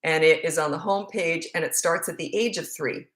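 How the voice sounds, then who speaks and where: A woman's voice: low-pitched, moderate pace, fairly bright tone, echoey room. A middle-aged woman parenting coach answering questions in a casual, candid live Q&A, often laughing. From Canada. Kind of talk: casual livestream Q&A.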